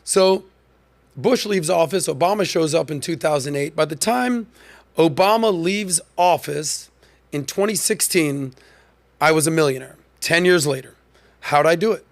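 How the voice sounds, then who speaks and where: A man hosts a podcast and delivers a commentary monologue in a punchy, emphatic, conversational way. His speaking voice sits a little high. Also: a little slow. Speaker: podcast host.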